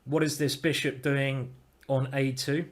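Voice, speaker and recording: A man giving casual live-stream chess commentary, thinking aloud with restarts and breaking into excited exclamations. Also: medium pitch, unhurried. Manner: bursts into excited exclamations at good moves.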